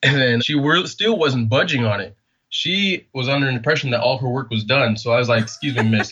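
A man's voice: medium pitch, fairly quick, husky, dull audio. A man from California, a podcast guest, telling a story in a casual interview and acting out the quoted dialogue. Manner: animated, acts out quoted dialogue.

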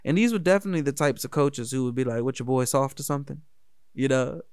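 A man's voice: medium pitch, no echo, studio quality. A man telling a personal story in a casual, candid, profane way. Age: adult.

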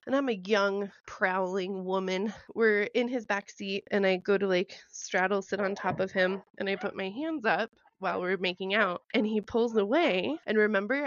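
A young woman telling a dating story in casual chat, self-mocking and animated. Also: medium pitch, no room sound, muffled recording. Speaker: podcast co-host.

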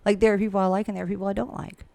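A woman's voice: medium pitch, flat delivery, rapid-fire, gravelly, dark tone, no room sound. A woman who works as a real estate agent and coach, talking frankly and chattily in a casual interview. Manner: chatty and frank, with laughs and asides.

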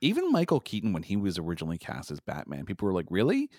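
Deep, lively male podcast co-host. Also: no room sound, studio quality. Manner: animated, quick restarts. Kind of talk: casual chat.

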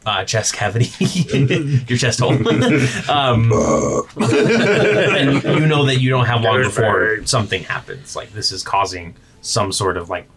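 A man running a tabletop game as game master, narrating in a halting way with many fillers. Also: mid-range voice, expressive, a crowd in the background. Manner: halting, filler-heavy narration with soft asides.

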